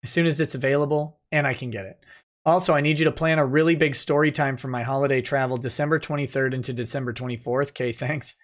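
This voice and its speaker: A man's voice: medium pitch, fairly even intonation, fast talker. A man, a lawyer hosting a late-night livestream, reading viewer comments aloud and joking about them in a casual, wry way.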